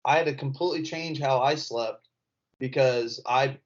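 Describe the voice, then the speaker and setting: A man's voice: medium pitch, normal speed. A man from Indiana with a rural Indiana accent, a comedian telling stories as a podcast guest in a laid-back, rambling, self-mocking way. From Indiana, USA. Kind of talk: casual storytelling chat. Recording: slightly dull podcast audio.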